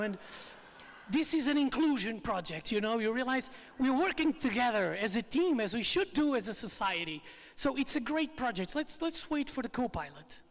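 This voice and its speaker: A speaker telling a story at a live retreat evening, in lively, phrasing. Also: medium pitch, normal speed, a little hiss or hum. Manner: lively, non-native phrasing. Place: event hall. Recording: long reverb from a live hall.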